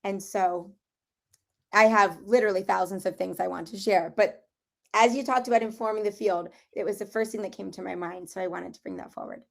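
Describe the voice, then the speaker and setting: Still recounting her tale to the group, the property clearing practitioner, a middle-aged woman, voices other people's lines and laughs while she talks. She sounds slightly hoarse and clears her throat, speaking a little fast in a mid-range voice.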